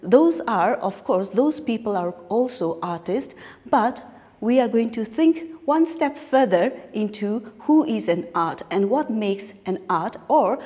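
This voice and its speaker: A woman teaching an English lesson in Indian English, explaining new words slowly and repeating phrases. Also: mid-range voice, warm tone. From Nagaland, India. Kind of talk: recorded classroom lesson. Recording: long hall-like reverb.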